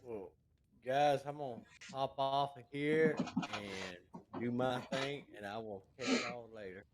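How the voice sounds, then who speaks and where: A man on voice chat explaining something to a fellow gamer, halting with many fillers. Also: medium pitch. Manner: halting, lots of uh and um. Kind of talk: casual explaining.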